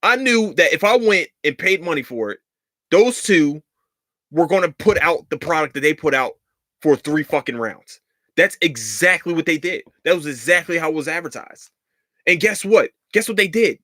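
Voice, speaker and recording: A man's voice: on the high side, lively intonation, normal speed, pushed and bright, no echo, clean studio sound. A man hosting a podcast, ranting in a heated, profane and sarcastic way, repeating lines for emphasis. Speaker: podcast host. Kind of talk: casual rant.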